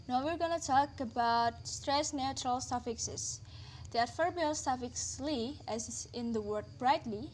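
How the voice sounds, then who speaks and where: A woman's voice: on the high side, a little mellow, a little hiss or hum. Woman reading a careful lesson aloud. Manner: careful, deliberate reading, slowing on example words. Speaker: lecturer. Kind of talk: read-aloud linguistics lesson.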